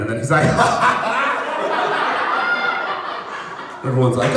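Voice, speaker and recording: American comedian working a live crowd. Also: male voice, mid-range voice, huge pitch swings, slow, pauses often. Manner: loose, crowd-working, slips into impressions. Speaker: stand-up comedian. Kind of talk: live stand-up set. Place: outdoor apartment complex courtyard. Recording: echoey, distant, noisy live recording.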